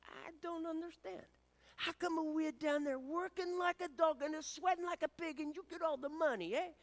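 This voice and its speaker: A man's voice: very high-pitched, moderate pace, voice pushed up. A man putting on a baffled laborer. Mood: puzzled. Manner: broken English, exclaiming. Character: Italian male ditch-digging laborer, baffled.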